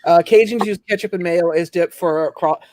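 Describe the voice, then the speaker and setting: A man's voice: high voice, normal speed, noisy background. A man from Ontario, hosting a casual late-night collectors' chat, laughing often and trailing off mid-thought. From Ontario, Canada.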